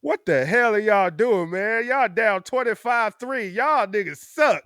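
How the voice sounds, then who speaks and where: A man voicing a teasing male friend who gloats about a losing team, in a taunting, drawn-out way. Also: sits high, expressive, fairly bright tone, clean tone, no echo, clean studio sound, pitched above the performer's own voice, heavily acted.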